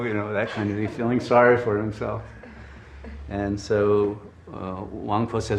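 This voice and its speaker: A man giving a spiritual talk, telling a story in an animated, chuckling way with frequent restarts. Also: on the low side, a little slow, vocal fry, roomy sound, slight background noise. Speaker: spiritual teacher.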